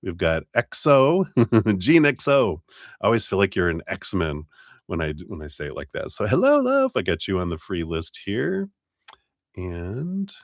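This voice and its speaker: A man's voice: low voice, dry recording, studio quality. A man hosting a live tarot stream, casually greeting viewers by name and thanking them.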